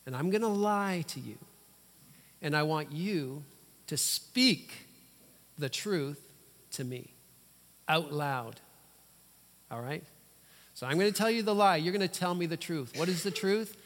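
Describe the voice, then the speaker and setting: A male pastor preaching with emphatic, dramatic pauses and sudden loud bursts. His voice sits fairly high for a man, and a long reverb trails each phrase through the church. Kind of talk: sermon.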